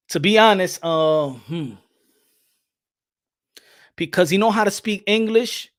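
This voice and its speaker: A man with a fairly high voice chats loosely as a boxing show host. He is animated, laughs often and mixes into his English. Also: slow, no echo, studio quality. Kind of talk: casual chat reading comments.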